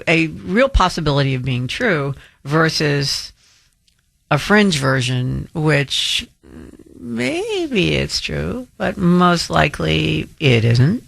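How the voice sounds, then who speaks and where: A man's voice: on the high side, creaky, fairly bright tone, dry recording, studio quality. A man filling in as a talk radio host, speaking in a rambling monologue with frequent restarts.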